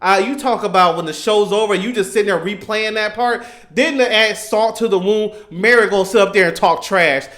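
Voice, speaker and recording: A young man telling an excited, rambling story about a cartoon moment, often acting out the characters in a raised voice. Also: high voice, a little fast, hardly any pauses. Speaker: YouTuber reacting to anime. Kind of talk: casual animated storytelling.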